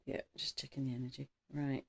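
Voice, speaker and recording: A woman's voice: a bass voice, flat delivery, a little fast, gravelly. A woman giving a casual tarot reading, chatty and rambling, trailing off and restarting, with caffeinated bursts of speed. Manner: buzzy from coffee, bursts of speed. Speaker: tarot reader.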